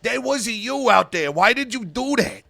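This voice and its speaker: A man's voice: very high-pitched, lively intonation, moderate pace, vocal fry, pushed and bright, pitched above the performer's own voice, full character voice. A man voicing a confused, upset young male wrestler who keeps questioning. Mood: agitated. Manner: questioning, agitated.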